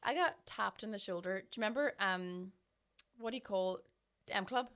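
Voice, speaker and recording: A woman's voice: mid-range voice, normal speed, fairly bright tone, smooth. A woman, co-hosting a podcast, chatting bluntly and swearing now and then. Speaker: podcast co-host. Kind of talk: casual chat.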